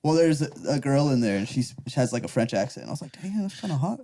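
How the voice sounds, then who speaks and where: A man's voice: mid-range voice, fast, background noise. A man co-hosting a comedy podcast in casual chat, laughing often and jumping into jokes. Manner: laughs often, jumps into jokes and silly voices. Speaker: podcast co-host.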